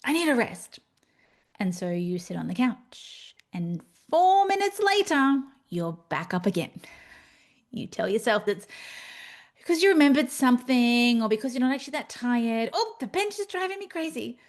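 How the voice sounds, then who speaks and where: A woman with a fairly high voice talks through a reflective solo podcast. Her delivery is candid and animated, with playful asides mixed into earnest reflection. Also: normal speed. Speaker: podcast host.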